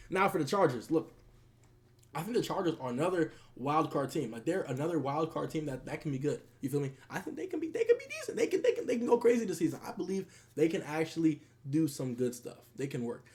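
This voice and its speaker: A young man on a live stream chatting sports in loose slang. His voice runs a little high and bounces around with energy, and he breaks into laughter often. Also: lively intonation, a little fast, darkish tone. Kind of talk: casual livestream commentary.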